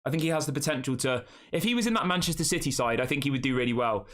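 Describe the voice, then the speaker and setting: A man's voice: medium pitch, lively intonation, racing, a bit bright. A young man hosting a casual live stream, chatting and reading out viewer comments before answering them. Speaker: fan channel host.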